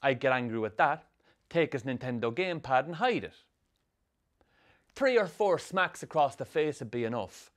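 An actor narrating a film as a troubled young Irish man with a Sligo accent, telling his rough youth in a dry, sardonic way. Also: medium pitch, animated, normal speed, long pauses, natural voice. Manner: dry, sardonic storytelling with strong swearing. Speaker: narrator, the film's lead. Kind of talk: scripted film voice-over.

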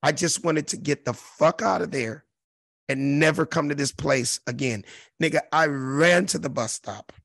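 A man in his fifties from South Central Los Angeles, a comedian telling a profane, animated story in an interview and acting out the other voices. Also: a little high, moderate pace, gravelly, dry recording. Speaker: comedian guest.

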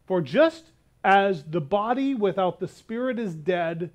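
A male pastor preaching a sermon, telling a story and slowing down hard on key words. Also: high voice, animated. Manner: emphatic, slows down on key words.

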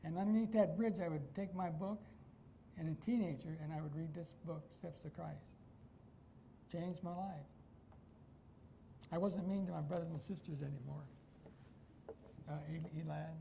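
Male pastor from Iowa, relaxed warm sermon delivery, quizzes the pews. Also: high voice, moderate pace, vocal fry, pauses often, slight background noise, low-quality recording. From Iowa, United States. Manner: emphatic, asks the congregation rhetorical questions.

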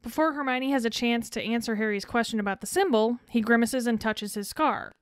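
Clear-voiced woman summarizing a film scene. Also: a little high, brisk, dry recording, studio quality. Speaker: podcast co-host.

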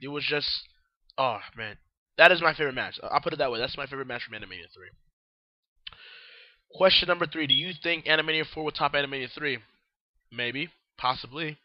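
A groggy, tired young man talks with his mouth full while hosting an informal solo newscast, rambling and sipping drinks between lines. The mid-range voice comes through dull audio without any echo.

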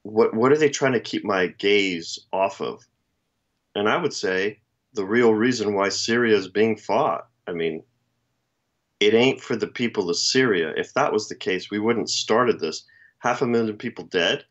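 Low-voiced man in a dull lo-fi recording. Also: animated, unhurried. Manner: rambling, emphatic, and sardonic. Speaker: co-host. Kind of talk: political commentary chat.

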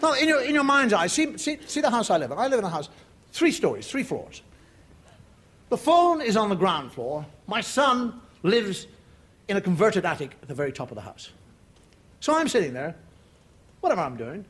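A middle-aged man doing a stand-up storytelling monologue, moving from low, confiding asides to loud bellowing. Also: wildly swooping pitch, normal speed. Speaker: comedian. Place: television studio with live audience. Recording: loud audience laughter, noisy broadcast.

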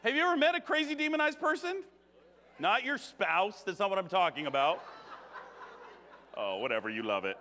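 High-voiced man preaching, joking and animated, long church hall reverb. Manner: joking, animated, laughs often. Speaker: guest preacher. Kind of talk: conversational sermon. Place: church sanctuary.

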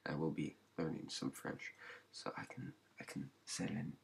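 A man hosting an ASMR channel, rambling in a halting way with many fillers, often dropping into a whisper. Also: extremely low pitch, steady tone, vocal fry, a little hiss or hum. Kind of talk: soft-spoken ASMR channel update.

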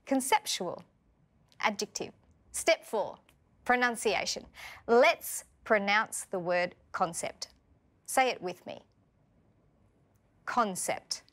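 An Australian woman leads a scripted vocabulary lesson, speaking clearly and patiently as she puts questions to her learners. Her voice sits at a medium pitch.

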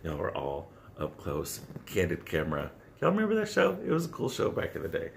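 Holding the phone camera right up to his face, a man with a very deep, raspy, fry-heavy voice delivers a meandering motivational vlog. It's early, so he sounds scratchy with nothing to drink yet, and though he stumbles with fillers and restarts, he's earnest and very animated, with faint noise behind him.

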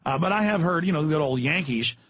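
A man's voice: fairly high pitch, expressive, quick pace, fairly bright tone, no echo. A middle-aged Texan man hosting talk radio with a Texan accent, ranting in a heated, emphatic way. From Texas. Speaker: radio host.

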